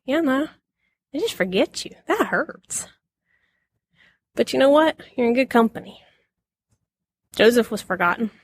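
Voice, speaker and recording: A woman giving a casual Bible lesson, chatty and quick to laugh, acting out the lines she quotes. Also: a little high, animated, dry recording, clean studio sound. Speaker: Bible teacher.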